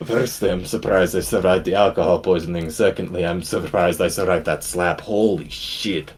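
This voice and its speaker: A man's voice: low-pitched, moderate pace, husky. A man voicing his own adventurer character, in a dry joking manner. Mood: wry. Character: male adventurer Creed, sheepish.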